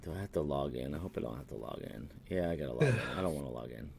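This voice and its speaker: A man co-hosting a podcast, recapping a movie in a profane, rambling chat that swings from animated to muttering. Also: extremely low pitch, rapid-fire, gravelly, slight background noise. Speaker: podcast co-host.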